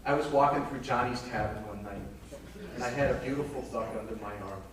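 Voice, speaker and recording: A man's voice: medium pitch, brisk, natural voice. A man performing a bawdy aging woman in a live vaudeville comedy monologue, teasing the audience between punchlines. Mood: sly. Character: bawdy aging woman telling racy stories. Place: small theater stage. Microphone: far camera in the house. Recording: echoey hall from far off, noisy. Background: audience laughter.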